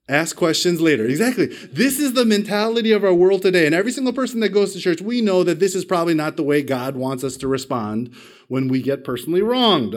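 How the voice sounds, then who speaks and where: Preaching to his congregation, this male pastor recounts something from his own life with wide shifts in loudness and pitch. He's self-deprecating and keeps asking the listeners questions.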